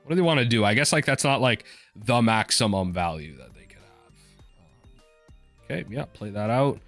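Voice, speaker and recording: A man casually commenting on his own card game as he plays, thinking aloud with sudden excited bursts. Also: medium pitch, moderate pace, no room sound, faint music behind.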